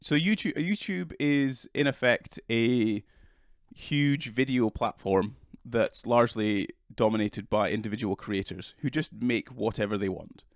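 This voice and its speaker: A man's voice: medium pitch, a little slow, no echo, studio quality. British man with a cold, hesitant. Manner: hesitant, restarts often, self-deprecating. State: has a cold. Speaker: interview guest, videographer. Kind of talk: casual podcast interview.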